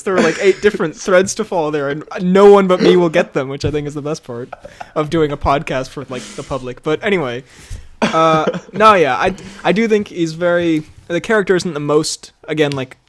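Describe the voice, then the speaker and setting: A fairly high-voiced man chatting on a podcast, excitable and quick to laugh. He stumbles and restarts often. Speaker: podcast co-host. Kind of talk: casual chat.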